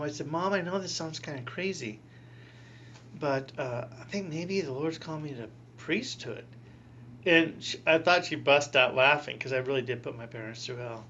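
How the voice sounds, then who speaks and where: A middle-aged man, a priest, telling his story in an interview with animated delivery and acted-out quotes. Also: fairly high pitch. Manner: animated, acts out quoted voices with laughing asides. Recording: dull lo-fi recording with faint hum.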